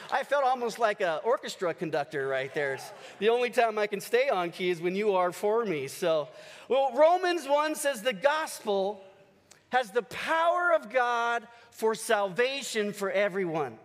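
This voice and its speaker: A man preaching a sermon as pastor, energetic and rousing his congregation. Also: high-pitched, a little slow. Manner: energetic, leads the congregation in call-and-response cheers. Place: large church hall. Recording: long church hall reverb.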